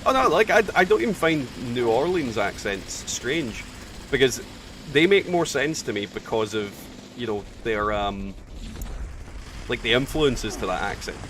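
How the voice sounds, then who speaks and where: Male streamer, blunt, profane banter, set back from the mic with loud game noise underneath. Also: mid-range voice, lively intonation, unhurried, distant mic. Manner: chatty, blunt and profane, reading chat aloud. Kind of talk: casual live-stream chat while gaming.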